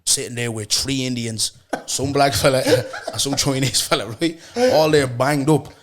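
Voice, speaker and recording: A young Irish man hosting a podcast, telling a story in a casual chat, animated and laughing often as he acts out what people said. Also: medium pitch, moderate pace, crowd noise. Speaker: podcast host.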